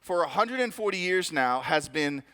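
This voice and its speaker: Bright, clear-voiced man preaching casually. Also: on the high side, animated, moderate pace. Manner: conversational, self-mocking storytelling. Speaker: pastor. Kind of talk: sermon with personal story.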